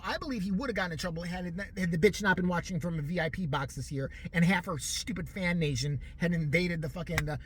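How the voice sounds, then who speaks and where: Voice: mid-range voice, a little hiss or hum. A vlogger delivering a profane, ranting commentary, laughing often.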